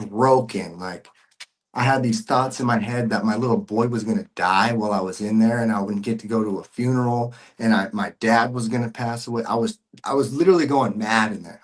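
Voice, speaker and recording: Man, lowish voice, earnest personal testimony, casual slang, emotional, repeats himself. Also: normal speed. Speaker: podcast guest.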